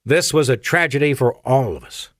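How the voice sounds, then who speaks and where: A man voicing an ancient, courteous alien admiral with an Afrikaans-tinged accent and formal, measured speech. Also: medium pitch, a bit bright, dry recording, clean studio sound, close to an everyday voice. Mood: grave.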